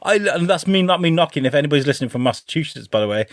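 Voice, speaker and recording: A man co-hosting a podcast, telling stories in casual chat, animated and swearing freely. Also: fairly high pitch, very fast. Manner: animated storyteller, swears freely, lively retellings. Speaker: podcast co-host.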